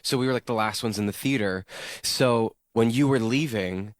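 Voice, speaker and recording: A man guesting on a radio interview, telling bubbly stage stories full of "like" and quick laughs. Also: mid-range voice, no echo, studio quality. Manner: bubbly, lots of "like", laughing asides. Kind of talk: chatty interview anecdotes. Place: radio studio.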